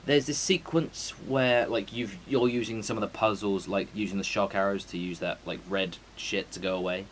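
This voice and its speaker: Male streamer, low-pitched, rambling and sweary, faint background hiss. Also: rough recording. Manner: rambling, sweary, full of fillers. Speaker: game streamer. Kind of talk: casual chat before a stream.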